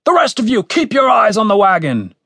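A man's voice: sits high, sing-song, a little fast, vocal fry, slightly rough, dry recording, pitched above the performer's own voice, heavily acted. Man doing a barking soldier commander. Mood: barking orders. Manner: shouted orders. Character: barking male soldier commander, stern and threatening.

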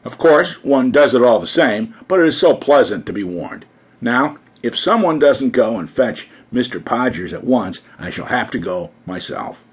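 A gushing, gossipy grand society hostess, as a man puts her on. The voice swoops through a lively, animated range with a slightly husky edge, bright with excited chatter. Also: mid-range voice, normal speed.

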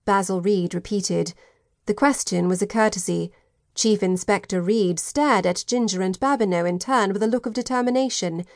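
A woman narrates an audiobook in a measured, even storytelling voice. Her pitch sits in the middle range. The recording is dry and close. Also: no echo. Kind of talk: scripted narration.

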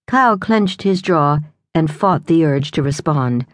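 A woman narrating a novel in a measured, even storytelling manner, close to the microphone. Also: low-pitched, dry recording. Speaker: audiobook narrator. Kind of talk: scripted narration.

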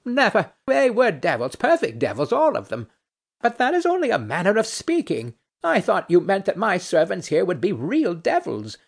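A man's voice: high-pitched, huge pitch swings, moderate pace, gravelly, slightly rough, full character voice. A man reading a play aloud, voicing a proud, indignant noblewoman who speaks primly and insists on her due. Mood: haughty. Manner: prim, affronted, insistent questioning. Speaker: audiobook narrator.

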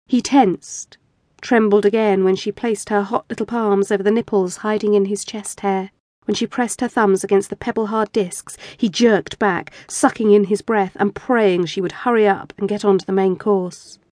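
A woman's voice: medium pitch, steady tone, normal speed, darkish tone, no echo. Woman reading an audiobook, dry and close. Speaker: audiobook narrator. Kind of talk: scripted narration of erotic fiction.

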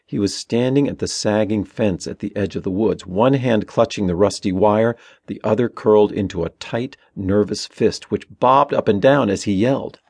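A man reading a young adult novel aloud in steady, measured narration. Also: fairly low pitch, vocal fry, husky, no room sound. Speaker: audiobook narrator. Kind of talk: scripted narration.

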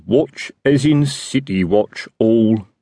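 A man's voice: fairly low pitch, takes it slowly, dark tone, no echo, studio quality. A man voicing a pompous, chatty middle-aged watch sergeant. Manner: self-important, expansive.

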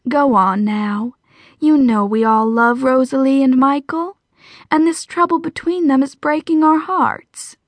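Lady doing a soft, soothing mom, kinda high, dry recording. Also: a little slow, no room sound. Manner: soothing, warm-hearted. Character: gentle middle-aged mother, soothing.

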